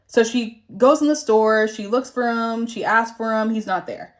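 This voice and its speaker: A young woman with a slightly high voice tells a story while getting ready, chatty and animated. She speaks frankly and swears freely, in the easy manner of a casual vlog. She grew up in the American South. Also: fairly quick, hardly any pauses. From Southern United States. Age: young adult. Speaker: vlogger.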